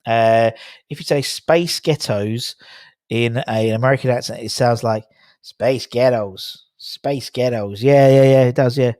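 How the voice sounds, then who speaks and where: A man's voice: mid-range voice, fairly even intonation, normal speed, a little mellow, clean tone, no room sound, studio quality. A young man, hosting a casual livestream, reading the chat aloud and laughing at tongue twisters. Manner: chatty, laughing at tongue twisters, rambling with fillers.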